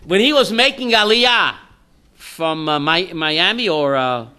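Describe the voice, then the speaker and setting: A man's voice: a little high, unhurried. A man teaching an informal Torah class as a rabbi, telling stories with jokes and acting out the quotes. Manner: animated storyteller, acts out quotes.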